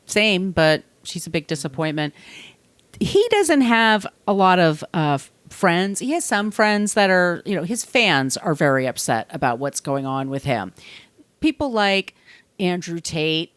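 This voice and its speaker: A woman's voice: on the low side, animated, a little slow, clear, resonant tone, dry recording. Blunt, profane woman podcast host. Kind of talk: casual podcast chat.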